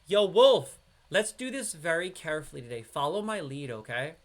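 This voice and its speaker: His voice fairly high in pitch and his speed normal, a streamer from upstate New York banters excitably with a teammate. He delivers slangy live commentary as they play an online game together.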